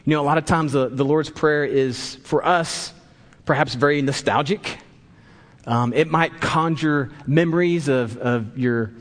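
Man preaching in a reverberant hall. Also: fairly high pitch. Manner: storytelling, acts out voices in quotes. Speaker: pastor. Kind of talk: sermon with an anecdote.

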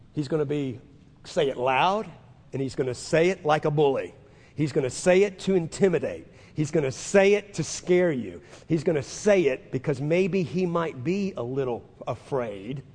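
A man preaching a sermon as pastor, emphatic, building to loud declarations and leading listeners to repeat after him. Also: fairly high pitch. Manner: leads listeners in call-and-repeat confessions. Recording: long reverb of a large hall.

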